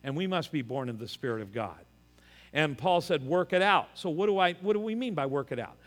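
A man's voice: fairly high pitch, expressive, brisk, soft background music. An older man preaching a sermon as pastor, emphatic and earnest, slipping in joking personal asides. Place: church. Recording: long reverb of a large hall.

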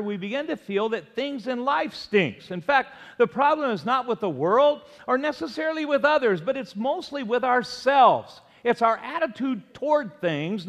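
Guy preaching, high voice, emphatic, lots of long echo like a big church. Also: a bit bright. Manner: emphatic preaching with call-and-response prompts. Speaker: pastor. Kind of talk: sermon. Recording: long hall reverb.

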